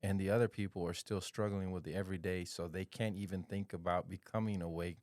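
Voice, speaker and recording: A man in a casual podcast chat, speaking haltingly and searching for his words. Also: sits low, fairly even intonation, a little mellow, no echo.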